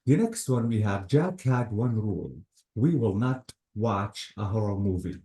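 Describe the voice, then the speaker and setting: A man with a lowish, mellow voice explains grammar rules, working through examples methodically and repeating his cue words. The sound is roomy and echoey. He is a patient teacher leading a lesson. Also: lively intonation, measured pace. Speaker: English teacher. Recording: echoey room.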